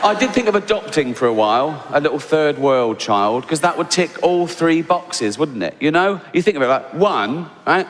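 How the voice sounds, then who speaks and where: On a live comedy stage, a male stand-up comedian delivers a sarcastic, profane routine full of mock exasperation. His fairly high voice has lively intonation and a moderate pace with few pauses, and the recording carries a long reverb tail and loud background noise.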